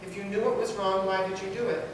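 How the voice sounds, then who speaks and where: A woman's voice: mid-range voice, level tone, fast talker, natural voice. A woman voicing an irritated, fidgety male monk who fires accusing questions, in an echoey hall. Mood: reproachful. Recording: echoey hall, far from mic, noisy.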